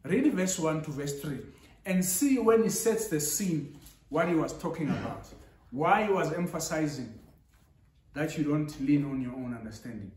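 A man's voice: on the high side, animated, moderate pace, a little mellow. A man preaching a sermon with rising emphasis, switching into Zulu now and then. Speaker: pastor. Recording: echoey church hall.

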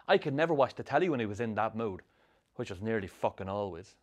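Sardonic irish lad from sligo narrating his rough youth, sweary, lively pitch. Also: fast talker. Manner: dry, sardonic storytelling with strong swearing. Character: troubled young Irish man recalling his rough youth. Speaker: narrator, the film's lead. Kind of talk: scripted film voice-over.

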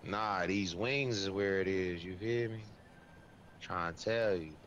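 A man's voice: sits low, unhurried, fairly bright tone, muffled recording, a little hiss or hum. A man in casual gaming chat, brash and profane, trash-talking while he plays.

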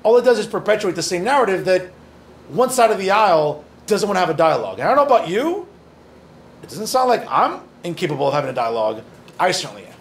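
Gravelly-voiced man fielding audience questions. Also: high-pitched, very animated, fast. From northern New Jersey. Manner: conversational, joking asides, earnest. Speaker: opinion journalist and guest speaker. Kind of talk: audience Q&A talk.

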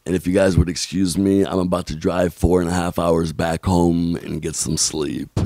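Deep, gravelly man telling a story. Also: normal speed, no room sound. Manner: animated, acts out other people's lines; blunt, swears casually. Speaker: podcast guest. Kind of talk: storytelling in a podcast interview.

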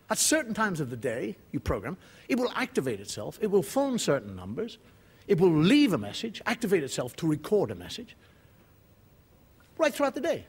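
A male comedian with a very high voice that swoops up and down with life. He performs a wry, mock-indignant stand-up monologue and swears freely. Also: husky. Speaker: comedian host. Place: TV studio before a live audience.

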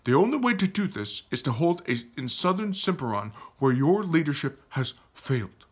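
A man's voice: a little high, very animated, moderate pace, slightly rough. A man voicing a stern, proud older male tribal chief who scolds and dismisses his son, in a storybook reading. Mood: scolding.

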